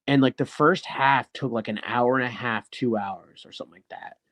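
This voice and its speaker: Man telling animated, profane wrestling stories. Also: medium pitch, moderate pace, dry recording. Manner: animated, swears often, acts out quoted dialogue. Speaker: guest, professional wrestler. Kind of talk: casual storytelling interview.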